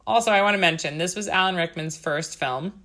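A woman's voice: on the low side, a little fast, a bit bright. A woman co-hosting a podcast in casual chat, talking loosely with swearing, laughs and quoted movie lines. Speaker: podcast co-host.

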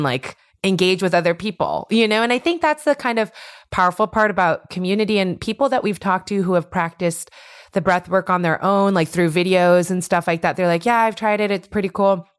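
A woman's voice: lowish voice, clean tone. A woman co-hosting a casual podcast chat, talking reflectively and using "like" often. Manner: reflective, heavy use of "like".

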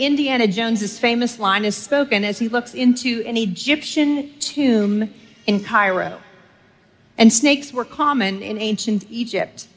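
Woman preacher, middle-aged, higher voice, funny storyteller who talks to the crowd. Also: fairly bright tone. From Texas. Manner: humorous storytelling, speaks directly to the audience. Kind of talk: sermon.

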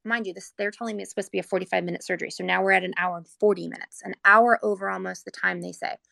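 A woman recounts a frightening family memory in a heavily creaky, gravelly voice. Her telling is earnest and rambling, thick with "like," and she is on the edge of tears. The sound is dry and close, with no room around it. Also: medium pitch, steady tone, very fast, sharp tone, dry recording. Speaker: mother telling her son's hospital story. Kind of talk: personal storytelling, casual.

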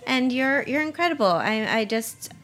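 A woman's voice: sits high, lively intonation, moderate pace, a bit bright. A woman hosting a podcast, chatting casually, with lots of restarts and easy laughs. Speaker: podcast host. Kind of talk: casual interview chat.

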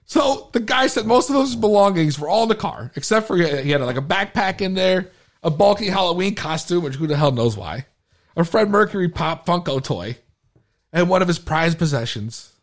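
A little fast and high-voiced, this podcast host is clearly tipsy, tripping over words as he banters casually in the studio. He tells animated stories packed with profanity.

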